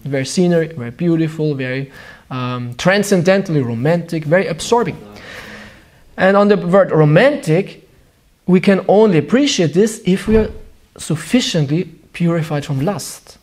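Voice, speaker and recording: A man with a German accent gives a devotional sermon in English, which is not his first language. His voice sits high for a man. He tells stories with animation and sometimes gropes for the right word. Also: normal speed. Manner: searching for words, animated storytelling. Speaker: spiritual teacher.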